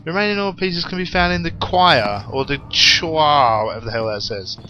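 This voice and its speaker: A man's voice: a little high, very animated, very fast, highs cut off, slight background noise. A young man playing a horror game, reading the in-game notes aloud and adding wry, rambling asides. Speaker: let's play gamer.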